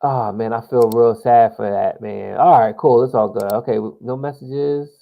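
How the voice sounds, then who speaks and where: A man's voice: mid-range voice, fairly even intonation, normal speed, vocal fry, mellow. A young man from New Jersey, chatting loosely to himself while he plays a political simulation game and swearing casually. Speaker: gamer playing a political simulation. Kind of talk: casual gameplay commentary.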